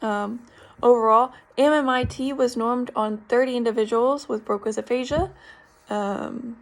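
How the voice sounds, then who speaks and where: Young woman, slightly high pitch with a gravelly edge, casual student presentation style, many filler ums. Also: fairly even intonation, measured pace. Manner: informal, frequent ums, explanatory. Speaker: speech therapy student. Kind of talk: recorded class presentation.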